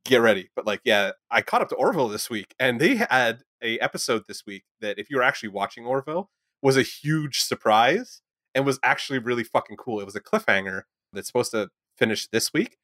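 Fast-talking, swearing young male podcaster. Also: mid-range voice, dry recording. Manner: excitable, swears freely, rambling. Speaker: podcast co-host. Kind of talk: casual podcast chat.

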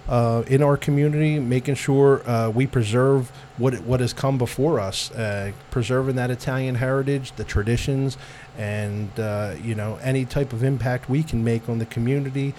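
A man's voice: medium pitch, steady tone, normal speed, dark tone, a little hiss or hum. A middle-aged American man chatting as an interview guest, rambling with lots of fillers and restarts and laughing often. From United States. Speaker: guest, Italian-American club president. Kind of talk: casual interview chat.

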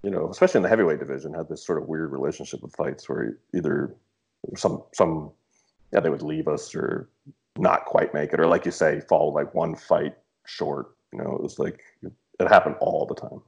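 Man, from Canada, deep low voice, casual chat, animated, profane. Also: normal speed, gravelly, breathy edge. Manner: swearing, animated storytelling. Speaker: podcast guest, author.

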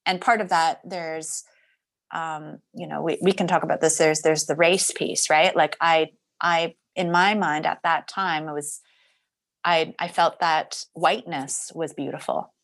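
A woman's voice: low-pitched, steady tone, unhurried, a bit bright. Woman guest on a podcast, reflective and open, laughs easy, lots of restarts. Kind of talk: candid personal conversation.

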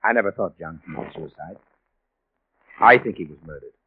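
An actor playing a calm, probing police investigator in a vintage radio drama, pressing with measured questions. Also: male voice, deep voice. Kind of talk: 1940s radio acting. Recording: tinny old radio broadcast with faint hiss.

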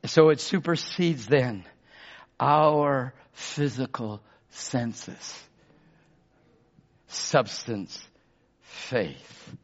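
A pastor preaching a sermon. He drops to a murmur, then shouts for emphasis and calls out to the congregation for amens. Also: drawn-out words, pauses often, lo-fi sound. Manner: swings between low murmurs and loud shouted emphasis.

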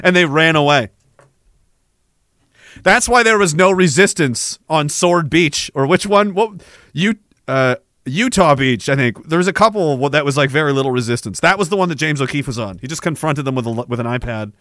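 A man riffing casually in a comic bit, animated and giggling often. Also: on the high side, no echo, clean studio sound. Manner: animated, giggling, quick to jump into voices.

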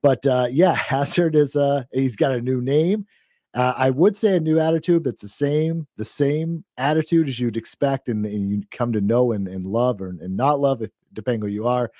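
Male podcast co-host, warm and mellow, easygoing recap delivery, dry close mic. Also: mid-range voice, normal speed, no echo. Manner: relaxed, chatty, many fillers and laughs. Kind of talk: casual wrestling recap chat.

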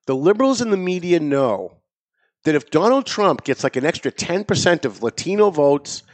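A man's voice: on the high side, very animated, moderate pace. A man hosting a political talk show, speaking in a sarcastic, mocking tone. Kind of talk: political commentary chat.

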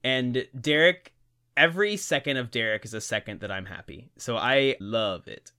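A man co-hosting a casual podcast, talking as an animated, gushing fan of the show. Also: mid-range voice, moderate pace, smooth. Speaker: podcast co-host.

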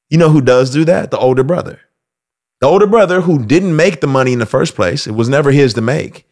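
A man hosting casual faith commentary, telling stories in an animated way and slipping into acted voices. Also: medium pitch. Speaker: host.

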